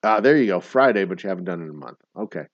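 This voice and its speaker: A man's voice: deep voice, husky, no echo, lo-fi sound. A middle-aged man hosting a casual trivia livestream, rambling and swearing in mock-grumpy rants. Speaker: trivia game host.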